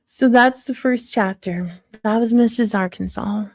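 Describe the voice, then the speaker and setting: A woman's voice: on the high side, a little slow, darkish tone, dry recording. Woman putting on a blunt Southern country mom. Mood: blunt gossipy. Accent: put-on Southern country accent. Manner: blunt gossipy storytelling, crude jokes. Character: crass small-town country mother of three. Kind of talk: live-streamed character monologue.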